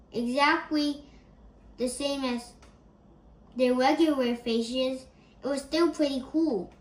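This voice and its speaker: A woman reading a children's chapter book aloud in an expressive, gentle storytelling manner. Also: high-pitched. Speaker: storybook reader. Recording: echoey room.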